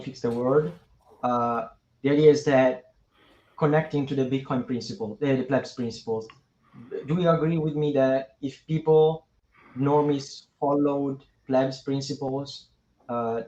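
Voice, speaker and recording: A man from Italy talking casually as a podcast guest, animated and speculative. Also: mid-range voice, normal speed. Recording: echoey, dull remote call audio.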